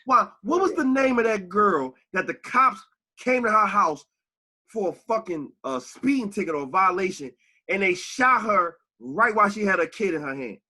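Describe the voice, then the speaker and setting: Animated, profane man on a podcast. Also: high voice, moderate pace. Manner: animated, profane, rises to shouts when angry. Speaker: podcast co-host. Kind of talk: heated casual podcast talk.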